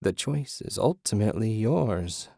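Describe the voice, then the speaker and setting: A man voicing a calm disembodied female spirit who speaks quietly and slowly. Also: on the low side, creaky, dry recording, clean studio sound, exaggerated voice.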